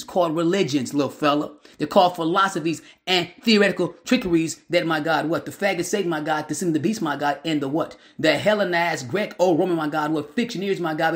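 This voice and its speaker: A man with a notably high voice delivers a fiery street sermon. He talks in a slangy, emphatic way, circling back on the same interjections again and again. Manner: emphatic, repetitive filler phrases, slangy. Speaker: street preacher. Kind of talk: preaching sermon.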